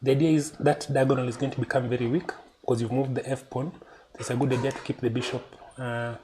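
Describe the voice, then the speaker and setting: A man's voice: mid-range voice, little pitch movement, quick pace, warm tone, a little hiss or hum, poor audio. A man coaching his daughter at chess at home, firm and patient, guiding her with questions. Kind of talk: casual coaching during a livestream.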